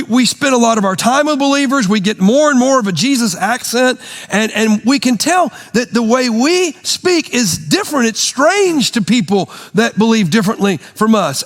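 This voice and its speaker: Older male pastor, earnest sermon delivery, high voice, reverberant sanctuary. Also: a bit bright. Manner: earnest, repeats words as he builds a point. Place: church sanctuary. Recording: long hall reverb.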